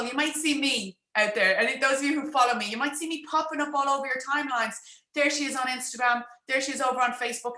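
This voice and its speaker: A woman business coach talking quickly and chattily on a livestream, speaking straight to her viewers. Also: on the high side, pushed and bright, reverberant. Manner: fast-talking, chatty, addresses viewers directly. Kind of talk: live-streamed social media coaching talk.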